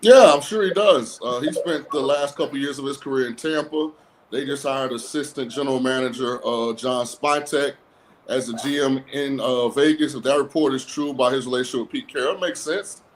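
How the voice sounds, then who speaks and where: A man's voice: mid-range voice, a little fast, slight background noise, rough recording. A man appearing as a guest on a sports talk show, giving blunt, sarcastic takes in a casual way. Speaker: guest football analyst. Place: lives in a cold-weather state.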